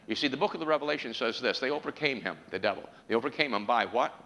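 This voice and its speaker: Gravelly, bright-voiced preacher man in a reverberant hall. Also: animated, fast talker, a little hiss or hum. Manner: rising to an impassioned, preaching pitch with repeated questions to the congregation. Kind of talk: sermon. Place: church.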